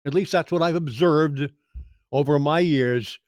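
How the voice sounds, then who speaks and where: A man's voice: on the high side, unhurried, darkish tone, no room sound. An older man hosting a talk radio show, chatting in a rambling way and asking and answering his own questions. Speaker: radio host.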